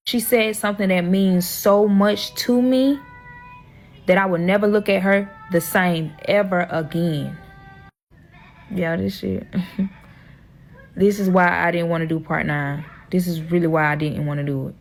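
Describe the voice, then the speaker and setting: A woman's voice: fairly low pitch, fairly even intonation, measured pace, soft background music. A woman telling her own drama story in a heated, profane, emotional storytime vlog.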